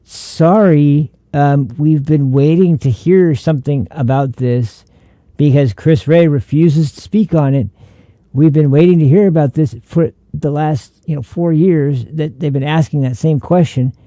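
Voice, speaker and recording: A man's voice: fairly high pitch, a little slow, dark tone, no room sound. A young adult man hosting a political commentary show, ranting sarcastically in a heated, rambling way.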